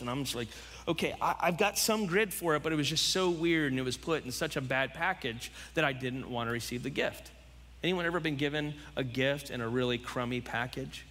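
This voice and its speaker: A man's voice: on the high side, sharp tone, big-room sound. A man preaching a sermon, telling a story conversationally and acting out the voices of others. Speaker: pastor.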